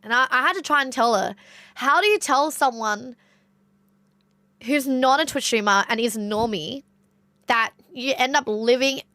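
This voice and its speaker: A woman's voice: sits high, measured pace, pauses often, sharp tone, no echo. An Australian woman streamer with a congested nose, chatting casually to her live audience and telling stories full of "like" fillers. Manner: chatty storyteller, rambling with many "like" fillers. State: nasal congestion. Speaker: game streamer.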